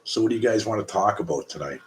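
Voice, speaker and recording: A man's voice: on the low side, lively intonation, fast, a little hiss or hum. A Canadian man hosting a casual live stream, talking bluntly and profanely in a rambling way.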